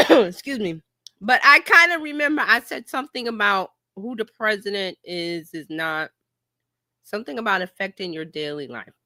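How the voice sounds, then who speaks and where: A woman hosting a casual livestream chat as a marketing coach, talking in an animated way and slipping into playful quoted voices. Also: mid-range voice, a little slow, pauses often, no echo, clean studio sound. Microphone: home streaming mic.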